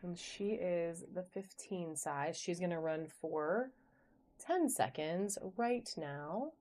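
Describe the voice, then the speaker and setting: A woman's voice: lowish voice, lively intonation, takes it slowly, darkish tone. A woman hosting a live online auction, talking in a bubbly, chatty way and greeting viewers by name as she shows items. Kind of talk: live-stream sales chat. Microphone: phone camera.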